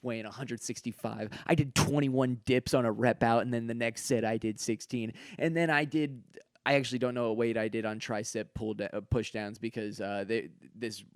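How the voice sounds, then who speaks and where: A man's voice: mid-range voice, fairly even intonation, moderate pace, clear, resonant tone, dry recording, clean studio sound. A young man hosting his own podcast, talking through his thoughts in a rambling, self-reflective monologue full of stammered restarts. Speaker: podcast host, comedian. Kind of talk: confessional solo podcast monologue.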